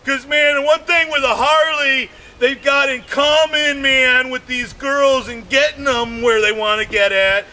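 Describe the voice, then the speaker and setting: High-voiced, bright, rambling comic man. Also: measured pace, hardly any pauses. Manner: rambling, animated, constant fillers, shouted punchlines. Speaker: stand-up comedian. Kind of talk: stand-up comedy routine.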